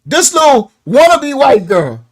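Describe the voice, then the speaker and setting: A man hosting a live ministry stream, commenting on a video with lively, animated energy. His pitch swoops high and low as he talks, and he laughs often. He keeps breaking off to apologize before pressing on. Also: unhurried, rough recording.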